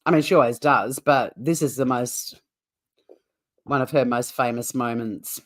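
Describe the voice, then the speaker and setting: Low-voiced chatty Australian woman. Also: measured pace. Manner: chatty, rambling, laughs often. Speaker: livestream host. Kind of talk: casual livestream chat with viewers.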